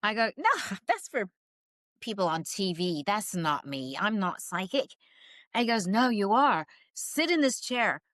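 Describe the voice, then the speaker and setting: Bright animated woman telling stories. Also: mid-range voice, measured pace, no echo. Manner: animated, acts out quoted voices with laughs. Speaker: psychic medium guest. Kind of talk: casual storytelling interview.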